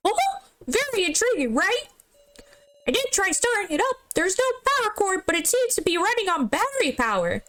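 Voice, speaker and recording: Woman putting on a squeaky cartoonish young man. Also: very animated, moderate pace, fairly bright tone, exaggerated voice. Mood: excited. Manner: falsetto cartoonish squeak, bouncy. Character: squeaky high-voiced young man, eager guide. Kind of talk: video game voice acting.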